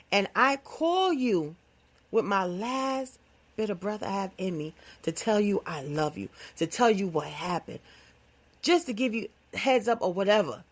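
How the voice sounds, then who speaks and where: A woman hosting her own podcast, talking in a playful, animated, casual comedic monologue with phrasing. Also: medium pitch, a little slow. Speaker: podcast host.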